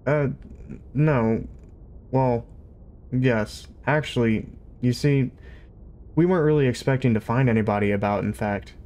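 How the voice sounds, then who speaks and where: A man's voice: medium pitch, measured pace, long pauses, darkish tone, natural voice. A man voicing a flustered, awkward young human man who hesitates and apologizes.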